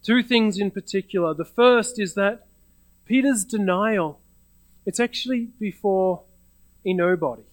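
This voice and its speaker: Male pastor, sermon, high-ish voice, conversational storytelling with restarts. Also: measured pace, no echo, low-quality recording.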